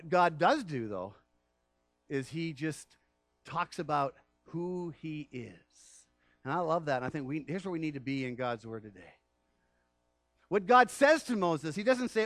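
A pastor delivers an animated sermon in a fairly high male voice. He acts out the quoted speakers, laughs between points, and swings from loud emphasis to hushed asides. The sound is dry and close. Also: a little slow, dry recording, soft background music. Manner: animated, rises loud on key phrases and drops to near-whispers; acts out quoted speech of Moses and God.

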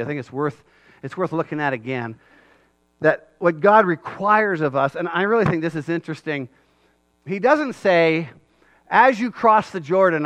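High-voiced man preaching animatedly. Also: no room sound. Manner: animated, acts out God's voice with rising shouts. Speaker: pastor. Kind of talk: sermon.

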